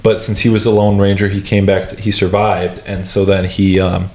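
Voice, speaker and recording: A young man chats loosely on a comedy podcast, slightly low in pitch, with hesitant, filler-heavy rambling. His voice rings in an echoey room over a faint hiss. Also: monotone, normal speed, darkish tone. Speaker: podcast co-host. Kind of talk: casual comedy podcast chat.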